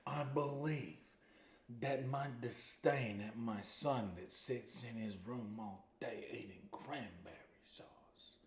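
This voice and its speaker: Man, livestream host, excitable and boastful, unhurried, roomy kitchen echo. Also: medium pitch. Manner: excitable, boastful, exclaims loudly. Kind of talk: casual cooking livestream. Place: home kitchen.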